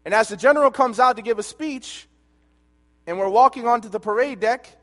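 A man preaching a sermon, telling a personal story and swinging between loud and hushed delivery. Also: extremely high pitch, brisk. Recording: long hall reverb.

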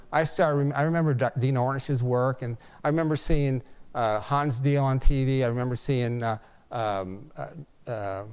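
Smooth-voiced older man recounting his story. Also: mid-range voice, a little mellow. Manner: halting, earnest, with frequent restarts. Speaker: physician. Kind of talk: personal testimony, storytelling.

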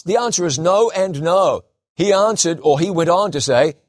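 A man preaching with an emphatic delivery and a fairly high voice. He slows down and repeats key phrases to drive them home. The sound is dry and close. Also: no echo. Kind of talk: sermon.

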